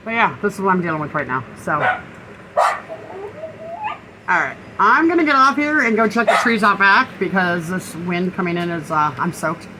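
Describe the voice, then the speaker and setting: A woman's voice: on the low side, animated, normal speed. A woman, vlogging casually from her RV during a storm and soothing her pets as gusts hit. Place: in an RV during a windstorm. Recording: wind and rain noise behind.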